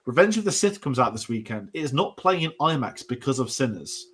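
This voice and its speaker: A man's voice: mid-range voice, big pitch swings, fairly quick, a bit bright, breathy edge. A young British man hosting a casual show discussion, rambling with restarts and asides. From Britain. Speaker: podcast host.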